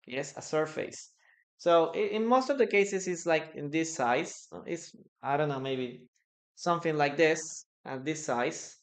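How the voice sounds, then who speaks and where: During a live online English class, the teacher, whose mother tongue is Spanish, explains slowly and keeps hesitating and repeating phrases. The pitch is medium.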